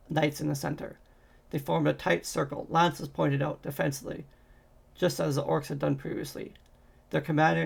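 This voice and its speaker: A man reading a fantasy novel aloud in a steady way, with occasional slips and restarts. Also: a little high, gravelly, slightly rough. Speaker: audiobook reader.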